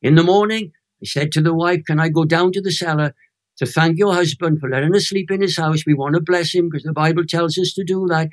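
A man's voice: fairly high pitch, a little fast. A Welsh man in his eighties, an evangelist emphatically telling a personal faith story in a chat interview. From Wales. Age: 80s. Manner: animated storyteller, emphatic and emotional. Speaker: guest evangelist.

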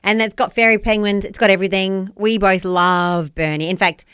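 A woman from New Zealand with a New Zealand accent, co-hosting a breakfast radio show, bubbly and quick to laugh as she chats and reads scripture. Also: medium pitch, fairly even intonation, clear, resonant tone, no room sound, clean studio sound. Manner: bubbly, laughs often, warm devotional reading. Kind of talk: casual radio banter. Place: radio studio.

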